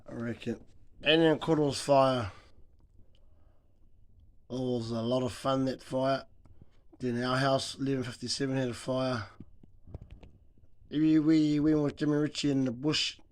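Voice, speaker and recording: A man's voice: mid-range voice, fairly even intonation, measured pace, pauses often. Laid-back New man spinning yarns. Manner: laid-back, swears freely, calls people bro. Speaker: storyteller. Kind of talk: casual yarn-telling.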